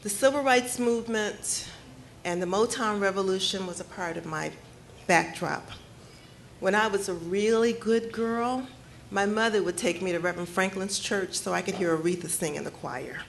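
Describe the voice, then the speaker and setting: A middle-aged woman from Detroit giving a personal storytelling speech at her book launch, measured and earnest with slow, emphatic phrases. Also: medium pitch, creaky, a little hiss or hum. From Detroit, United States. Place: cafe event space with audience.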